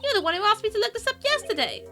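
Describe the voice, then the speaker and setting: A woman's voice: extremely high pitch, very animated, very fast, bright, forceful tone, soft background music, pitched above the performer's own voice, heavily acted. A woman voicing a cheerful, teasing young female sidekick in a game read-through. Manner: bubbly, teasing.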